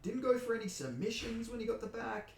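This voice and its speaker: A man's voice: very high-pitched, expressive, fairly quick, creaky, echoey room, slight background noise. An Australian man from Perth, ranting heatedly and with lots of swearing about a fight decision he thinks was a robbery. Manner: heated, profane, indignant ranting. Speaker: MMA commentator. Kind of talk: angry fight reaction rant.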